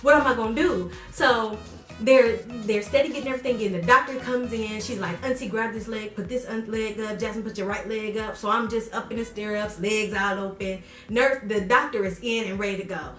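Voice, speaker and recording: Animated young woman telling a story in a roomy room. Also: brisk. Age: young adult. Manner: animated, acts out quotes with big pitch jumps. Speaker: vlogger. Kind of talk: casual storytelling vlog. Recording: roomy echo, voice a bit far from mic, faint music.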